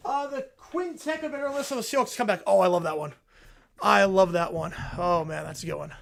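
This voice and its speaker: A young man with a fairly high voice runs a live football reaction stream from his home desk. He reads viewer messages aloud, excitable and rambling, as he talks into his desk mic. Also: brisk, vocal fry. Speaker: livestream host reacting to football. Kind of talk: live stream chat reading donations. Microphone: desk mic with headphones.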